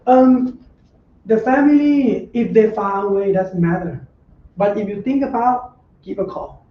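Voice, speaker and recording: Middle-aged male monk, high mellow voice, gentle, plain-spoken dharma talk, distant and echoey. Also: unhurried, a little hiss or hum. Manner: simple, repetitive phrasing with frequent rhetorical checks; gentle, conversational advice. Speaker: Buddhist monk teacher. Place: meditation center room. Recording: roomy echo, distant dull lo-fi mic.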